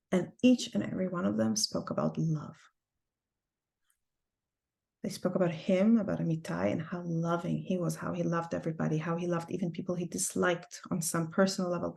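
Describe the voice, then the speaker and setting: A woman teaching an online class over a video call, telling a personal story earnestly and with deep feeling. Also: gravelly, a little mellow. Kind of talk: heartfelt personal talk to a class.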